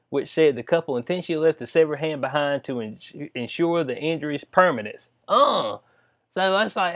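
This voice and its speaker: A man talks in a casual, joking vlog style. His voice sits a bit high for a man. He reads lines from a news story, then breaks off to riff and laugh about it. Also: lo-fi sound. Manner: reads news aloud, then jokes and riffs with frequent laughs. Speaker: commentary vlogger.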